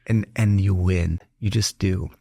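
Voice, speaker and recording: A middle-aged doctor and podcast host with a deep, gravelly, slightly husky voice leads a relaxed, conversational interview at a measured pace. He tells stories warmly and animatedly, laughing and doing voices for those he quotes, in close, dry sound with no room noise.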